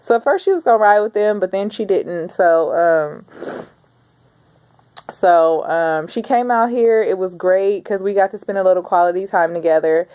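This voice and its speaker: A woman's voice: medium pitch, normal speed, darkish tone, clear, resonant tone, highs cut off. A woman in her thirties talking in a casual, rambling video diary, chatty and heartfelt. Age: 30s. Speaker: vlogger.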